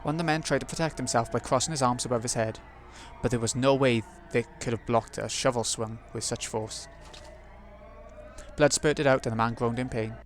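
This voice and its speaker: A man's voice: mid-range voice, steady tone, normal speed, slight background noise. A man hosting a let's play, reading a visual novel's narration aloud and muttering asides to himself between passages.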